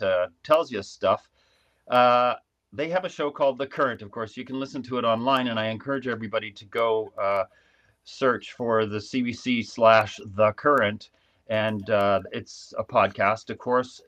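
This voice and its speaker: A man telling a long story in a casual live video chat from his small dark home studio, with frequent restarts. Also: lowish voice, dull audio. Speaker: guest commentator. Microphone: video call.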